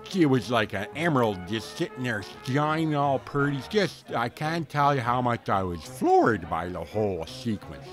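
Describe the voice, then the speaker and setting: A man's voice: medium pitch, big pitch swings, normal speed, hardly any pauses, a bit bright, faint music behind. A man playing a folksy, rambling storyteller, filling his comic tall tale with slang and fillers. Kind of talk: comic character monologue.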